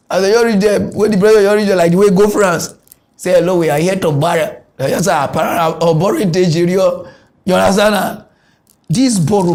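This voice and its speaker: A young man with a Nigerian Pidgin accent hosting a comic mock news show, ranting with frequent chuckles. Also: high voice. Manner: animated ranting, chuckles often.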